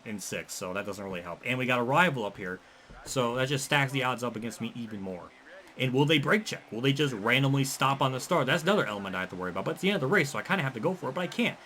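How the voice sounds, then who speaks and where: A man rants through a racing game in a bright, forceful voice. He swears constantly and flares into angry yells, sounding short of breath. A faint hiss of noise sits under the recording. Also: medium pitch. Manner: frustrated, swearing, yelling in bursts. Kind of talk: angry gameplay commentary.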